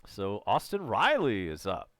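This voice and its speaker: Fan play-by-play man, slow and dry. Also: on the low side, dry recording. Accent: Southern American. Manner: casual, chatty calls with excited home run shouts. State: voice strained, close to giving out. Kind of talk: live baseball play-by-play commentary.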